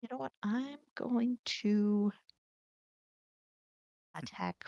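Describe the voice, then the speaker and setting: A woman's voice: a little high, fairly even intonation, very slow, vocal fry, a little mellow, no room sound, lo-fi sound. A woman playing a card game over a stream, thinking aloud in a hesitant, casual way.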